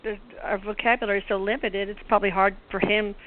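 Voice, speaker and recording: A woman hosting a call-in radio show, upbeat and brisk as she thanks sponsors and greets callers. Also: mid-range voice, flat delivery, slight background noise. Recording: tinny phone line.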